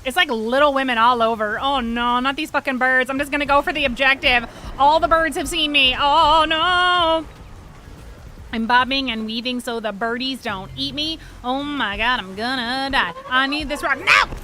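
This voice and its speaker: A woman streaming a video game, chatting to her viewers, swearing freely and reacting fast to the gameplay. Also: high-pitched, sharp tone, slight background noise. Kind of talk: casual gameplay livestream chat.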